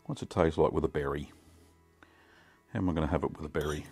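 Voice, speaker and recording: A middle-aged Australian man hosting a casual cooking vlog, chatty and relaxed with many ums. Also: rumbling low, quick pace, faint music behind. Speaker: cheesemaking channel host.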